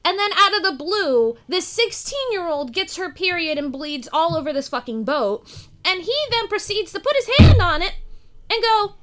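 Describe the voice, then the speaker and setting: A woman in casual chat about a movie, animated and swearing, acting out lines from it. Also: very high voice, moderate pace.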